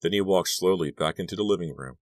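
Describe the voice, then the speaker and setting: A man narrating an audiobook in a steady, measured way. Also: low voice, no room sound. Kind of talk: scripted narration.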